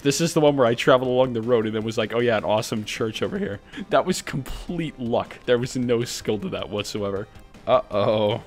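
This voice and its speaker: A man giving playful, joking gameplay commentary, excitable and often jumping up into a high voice when baffled. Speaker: gaming YouTuber.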